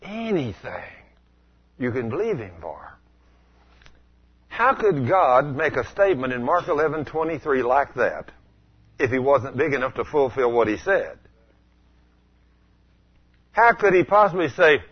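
A man preaching a storytelling sermon in a folksy way, asking the congregation questions and rising to loud exclamations. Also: mid-range voice, very animated, unhurried, pauses often, slightly rough, lo-fi sound.

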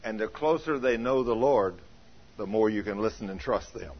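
Male pastor, husky, lively storyteller, lo-fi sound. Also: fairly low pitch, normal speed. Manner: animated, acts out quoted voices, shouts in anecdotes. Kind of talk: folksy sermon with storytelling.

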